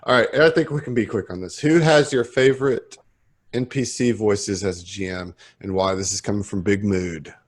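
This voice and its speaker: A man hosting a casual chat with fellow game masters, chatty and quick to laugh, hurrying along when time runs short. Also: on the low side. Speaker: podcast host asking the questions.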